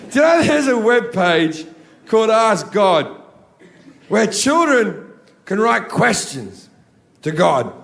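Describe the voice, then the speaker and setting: A high-pitched man performs a profane stand-up comedy set, ranting into a handheld mic on a theatre stage. His delivery swings up into loud shouting at times. A live audience murmurs and laughs faintly behind him. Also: a little hiss or hum.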